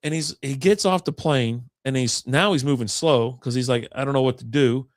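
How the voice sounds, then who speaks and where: A man's voice: medium pitch, normal speed, no room sound, studio quality. Profane rambling man telling a story. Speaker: podcast co-host. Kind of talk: casual chat.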